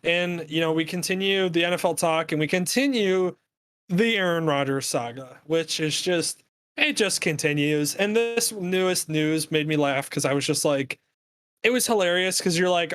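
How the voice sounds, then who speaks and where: A man co-hosting a podcast, talking sports in a casual, animated, rambling rant full of fillers. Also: fairly high pitch, normal speed, no room sound. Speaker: podcast co-host.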